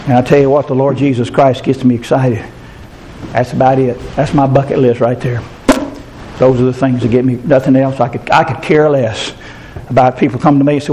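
An older man preaching a fervent sermon, his voice leaping up into shouts at its peaks. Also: medium pitch, little pitch movement, brisk, slight background noise. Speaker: pastor.

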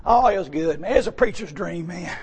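Husky preacher man. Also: high-pitched, expressive, fairly quick. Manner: swings from hushed to shouting, folksy. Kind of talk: sermon storytelling.

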